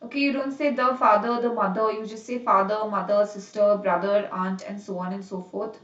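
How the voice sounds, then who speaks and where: A woman teaching a live online grammar lesson. She explains each rule slowly, repeats examples and checks on students by name. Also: mid-range voice, fairly even intonation, reverberant, distant mic, dull audio.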